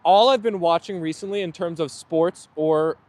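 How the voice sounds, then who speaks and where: A man's voice: a little high, moderate pace, darkish tone. A man chatting casually with viewers on a live stream, reading out their comments and answering them. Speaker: livestream host. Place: indoor room with dogs.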